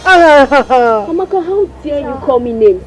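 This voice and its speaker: A woman's voice: high voice, expressive, slow pace, low-quality recording. A woman with a Nigerian accent playing a young woman who pleads with the rivals bullying her. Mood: defiant. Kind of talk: Nollywood film acting.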